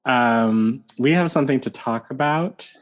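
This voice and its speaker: A man co-hosting a podcast in casual chat, playful and quick to laugh. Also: mid-range voice. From United States. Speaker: podcast co-host.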